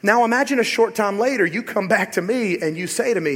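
A man preaching a sermon as pastor in a church, animated and rhetorical, sometimes acting out other voices. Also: high voice, fast talker, hardly any pauses, husky. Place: church sanctuary. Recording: long hall reverb.

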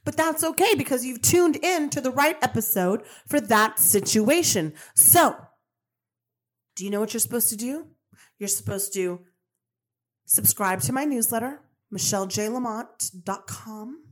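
A woman's voice: a little high, a little slow. A woman hosting a spiritual self-help podcast, talking emphatically in repeated affirmations and swearing casually. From Colombian-American. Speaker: podcast host. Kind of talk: motivational spiritual podcast monologue.

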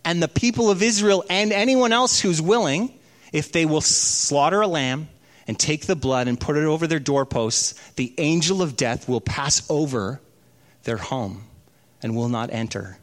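A man preaching a sermon, telling stories and slowing down for emphasis. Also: on the high side. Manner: storytelling, slows down for emphasis. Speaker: pastor.

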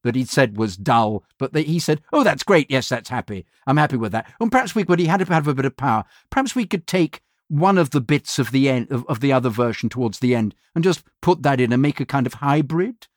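A man's voice: medium pitch, fairly quick, hardly any pauses, no room sound. Voiceover man telling studio stories. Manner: animated storyteller mimicking clients. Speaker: voiceover actor. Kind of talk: anecdotal interview chat.

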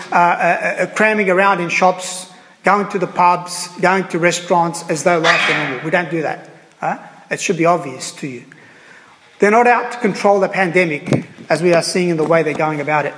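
A man preaching a sermon as a priest, earnest and halting, repeating phrases and pausing on fillers. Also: high-pitched, in a large hall, noisy background.

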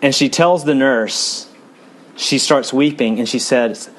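A faint hiss or hum sits beneath this church sermon, in which a male pastor earnestly shifts from fast, emphatic stretches to quiet, low-pitched ones.

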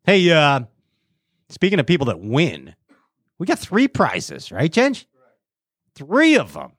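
A man's voice: fairly high pitch, wildly swooping pitch, slow, fairly bright tone, no echo. A man hosting a casual show, joking around, riffing and scatting between giveaways. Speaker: show host. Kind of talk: casual livestream show banter.

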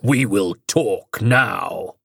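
Cold, deep-voiced alien presence, put on by a male storyteller: slow, growling commands in a dry, close read. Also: vocal fry, fairly bright tone, breathy edge, no echo, exaggerated voice. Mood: commanding. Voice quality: growling, much deeper register. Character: menacing alien entity speaking through a man's body.

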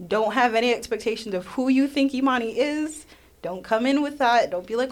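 Animated woman guest, lively storytelling. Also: a little high, moderate pace. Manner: animated, self-deprecating, acts out quoted voices. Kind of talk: casual conversation.

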